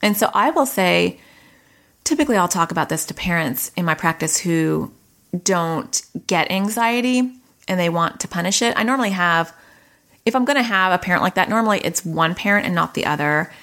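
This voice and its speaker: A woman's voice: on the low side, lively intonation, moderate pace, a bit bright. A middle-aged woman therapist giving conversational advice to parents, explaining behavior through analogies and acting out quoted dialogue. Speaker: child anxiety therapist.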